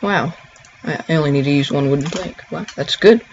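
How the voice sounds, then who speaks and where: A man narrates a casual gameplay tutorial in a slightly higher voice. He rambles and stops short, filling gaps with ums and restarting his sentences. The recording is dull and lo-fi. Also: brisk, a little hiss or hum.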